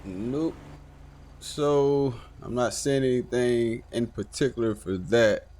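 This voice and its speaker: Male streamer, mid-pitched voice, swears a lot, muttering to himself with sudden loud outbursts. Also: slow pace. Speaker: game streamer. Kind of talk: casual live gameplay commentary.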